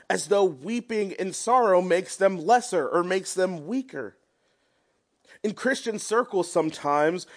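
Sounding fairly high-pitched, a young preacher speaks earnestly and conversationally, offering a prayer and tossing casual comments to those around him.

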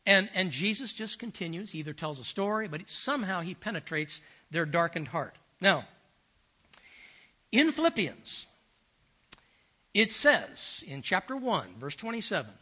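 A man's voice: high voice, big pitch swings, moderate pace, bright, forceful tone, slightly rough. An older man preaching a sermon as pastor, earnest and emphatic, telling stories and repeating phrases for effect.

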